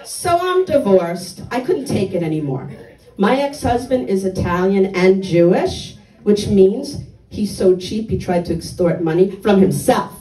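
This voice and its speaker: An older woman doing a stand-up comedy set on a club stage, delivering blunt, dark one-liners with punchy timing. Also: medium pitch, animated, unhurried, reverberant, distant mic, low-quality recording.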